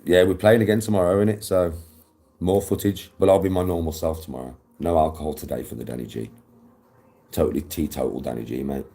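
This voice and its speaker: A man's voice: a bass voice, steady tone, fairly quick, gravelly, mellow. A young man chatting casually on a live stream, chirpy, rambling and laughing at his own jokes.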